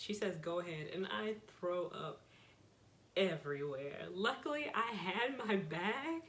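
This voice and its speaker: Chatty young woman, slightly low voice. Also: lively intonation, a little slow, a bit bright. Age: young adult. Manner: chatty, laughs often while telling. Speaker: vlogger. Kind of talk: casual storytime.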